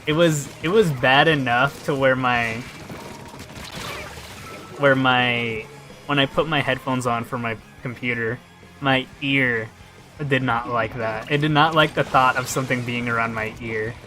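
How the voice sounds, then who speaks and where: Young man, gaming streamer, casual rambling chat, swears a lot, headset mic, mid-pitched voice. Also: steady tone, unhurried, music in the background. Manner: rambling storyteller, swears freely. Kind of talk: casual chat while playing.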